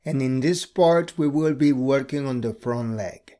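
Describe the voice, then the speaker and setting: A man's voice: medium pitch, measured pace, warm tone. A man hosting a casual drawing tutorial, thinking aloud and repeating words as he sketches. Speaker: art tutorial host.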